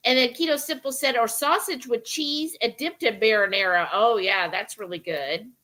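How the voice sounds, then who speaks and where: A woman's voice: fairly high pitch, normal speed, bright, forceful tone. A woman hosting a live cooking stream, casually reading out viewer comments and greeting each viewer by name. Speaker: cooking livestream host reading chat.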